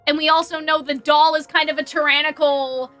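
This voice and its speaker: A woman's voice: sits high, little pitch movement, a little fast, a bit bright, soft background music. A woman hosting a casual livestream discussion, chatty and thinking aloud with lots of fillers. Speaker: host.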